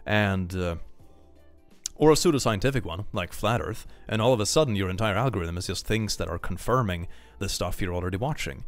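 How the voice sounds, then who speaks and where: A young man chatting casually on a livestream, reading viewer messages aloud, animated, laughing often and repeating phrases. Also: low voice, fairly quick. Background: faint background music.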